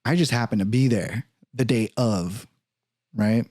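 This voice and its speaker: A young man in casual podcast talk, telling a personal story in a profane, animated way and acting out the other people's lines. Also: fairly low pitch, unhurried, dry recording, clean studio sound. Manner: profane, animated, acts out quoted voices.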